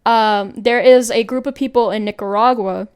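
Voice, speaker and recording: A woman's voice: fairly high pitch, steady tone, moderate pace, a little mellow, smooth. A young woman from Tennessee co-hosting a podcast in casual chat, rambling and giggling as she searches for words. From Tennessee, United States. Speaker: podcast co-host.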